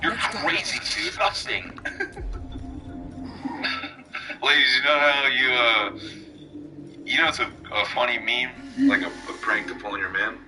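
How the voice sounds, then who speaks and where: A man's voice: mid-range voice, lively intonation, measured pace, long pauses, rough recording. A young man streaming a game, cracking crude jokes and laughing constantly in casual chat. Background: game music.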